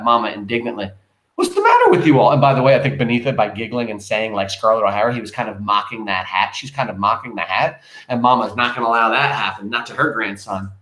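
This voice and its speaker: A man's voice: lowish voice, fast talker, pushed and bright, reverberant. A man teaching a class, reading a play aloud and explaining it in a chatty, emphatic way.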